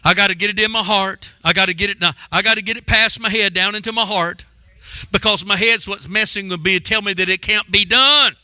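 A man's voice: high-pitched, a little fast, bright, forceful tone, no room sound. A man preaching a sermon in an emphatic, repetitive style, calling on the congregation to answer back.

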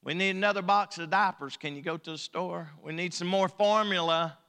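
A man preaching a sermon as pastor, telling folksy stories in a hushed voice, then rising into loud exhortation. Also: sits high, a little fast, clean tone, long reverb tail. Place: church sanctuary.

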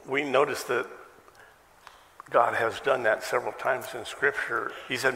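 A man's voice: medium pitch, fairly even intonation, measured pace, vocal fry, pauses often, bright, forceful tone, big-room sound. A male pastor preaching a sermon in a conversational way, asking many questions and adding self-deprecating asides. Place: church sanctuary.

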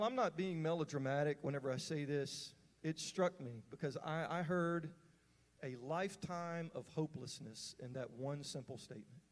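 Man preaching in a reverberant hall. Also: on the high side. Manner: conversational, earnest, fillers and restarts. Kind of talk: sermon storytelling.

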